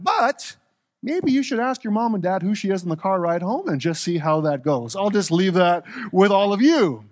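A male pastor preaching a relaxed sermon with playful, joking asides. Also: high voice, fairly quick.

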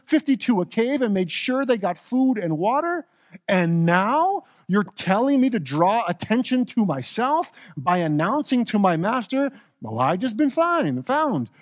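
Guy doing a panicky servant, high voice, begging not to get killed. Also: no echo. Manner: worried, rapid protest. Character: anxious male royal servant, fearful, pleading.

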